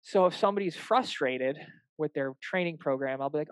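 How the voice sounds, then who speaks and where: A man's voice: on the high side, fairly quick, smooth, no room sound, poor audio. A young adult man, a fitness coach, chatting casually and animatedly, acting out little dialogues with clients and swearing now and then. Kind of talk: casual podcast chat.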